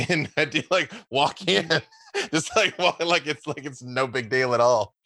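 Guy with a tense bright voice, laughing a lot, acting out his character, dry sound. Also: mid-range voice, animated, unhurried, no room sound. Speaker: player. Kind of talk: playing a tabletop game in character.

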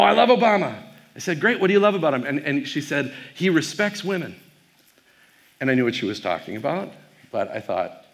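A man from Wisconsin, a pastor giving a keynote talk to a youth audience, telling stories in a loose, conversational way with plenty of fillers. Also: medium pitch. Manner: conversational storytelling with frequent fillers.

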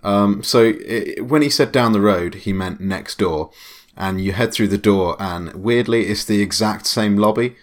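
A man's voice: on the low side, a little slow, few pauses. A man running a comedy tabletop game as game master, rambling with many fillers. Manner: rambling, laughing, filler-heavy.

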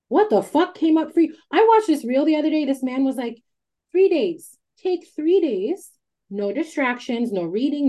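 Emphatic, foul-mouthed woman host. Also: sits high. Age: adult with a child. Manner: emphatic, swears freely, animated storytelling. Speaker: podcast host. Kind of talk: candid casual chat.

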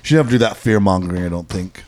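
A man's voice: low-pitched, racing, a little mellow, a little hiss or hum. A man in a casual podcast chat, stating his opinions bluntly. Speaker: podcast co-host.

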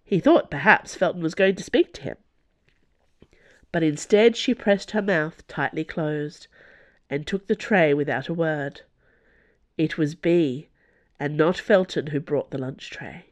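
A woman narrating a novel in a steady, even storytelling manner. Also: deep voice, a little slow, pauses often. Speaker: audiobook narrator. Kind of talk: scripted narration.

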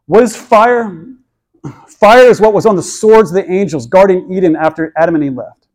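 A man's voice: a little high, a little mellow. A man preaching a sermon, earnest, often repeating words as he builds a point. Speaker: pastor.

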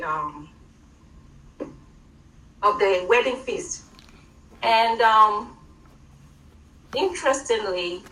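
A woman with an African accent giving an informal online sermon from home, halting, with many fillers and restarts. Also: mid-range voice, bright, forceful tone, reverberant, distant mic, rough recording. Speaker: church teacher.

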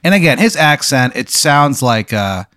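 A young man hosting a comedy podcast, telling an improvised absurd story with deadpan delivery. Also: mid-range voice, normal speed, dry recording, studio quality. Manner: deadpan, building absurd scenarios.

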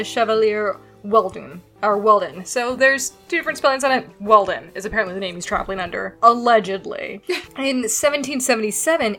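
A woman with a somewhat high voice hosts a casual history chat. She tells the story in a loose, slangy way and laughs easily. Faint music sits under her voice. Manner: animated, giggly, slangy storyteller. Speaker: podcast host.

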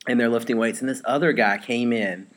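A man's voice: mid-range voice, fairly even intonation, brisk. A young man from western Virginia, a guest on a podcast, telling stories about himself in a friendly, easygoing way. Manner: friendly, easygoing, many ums and uhs. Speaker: podcast guest, jiu-jitsu black belt. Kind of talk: casual interview storytelling.

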